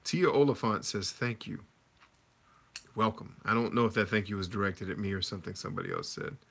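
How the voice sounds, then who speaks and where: A man in his thirties talks through a casual livestream, reading viewer comments and answering them in an easygoing, conversational way. His voice sits a little low but has a bright, forceful edge. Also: fairly quick, vocal fry, breathy edge. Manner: conversational, reads chat comments aloud and answers. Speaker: livestream host answering chat.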